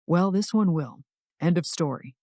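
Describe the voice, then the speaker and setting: A woman putting on a gruff protective rich man. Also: lowish voice, lively intonation, normal speed, warm tone, no echo, studio quality, pitched below the performer's own voice. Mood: insistent. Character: gruff protective billionaire man, young adult.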